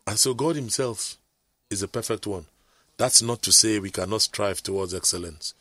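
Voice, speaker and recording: A man's voice: fairly low pitch, normal speed, bright, forceful tone, no echo. A middle-aged man, telling rambling stories in casual chat, with preachy asides.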